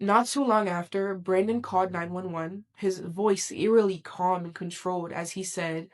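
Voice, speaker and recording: Slow dramatic true-crime narrator, woman. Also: lowish voice, steady tone. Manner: dramatic, slow, measured, swells and drops in volume.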